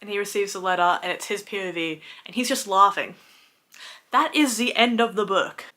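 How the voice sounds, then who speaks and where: A young woman in her twenties, casually recapping a book series with animated exasperation and frequent swearing. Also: mid-range voice, normal speed. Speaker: book reviewer.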